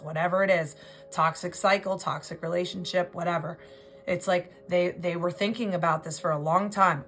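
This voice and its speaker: A woman's voice: on the low side, normal speed, fairly bright tone, soft background music. A woman giving an intuitive tarot reading, talking in an emotional, rambling way and often restarting her words. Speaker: tarot reader.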